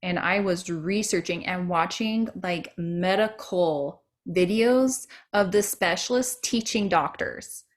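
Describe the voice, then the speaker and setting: A woman telling her story in a measured, determined way on a video call. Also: on the low side. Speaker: panelist. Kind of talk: casual video call discussion.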